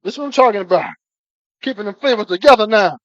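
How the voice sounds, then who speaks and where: A man cooking on a live stream, talking excitedly to his viewers, calling them baby again and again and breaking into whoops. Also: high-pitched, fast, no room sound. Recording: dull lo-fi stream audio.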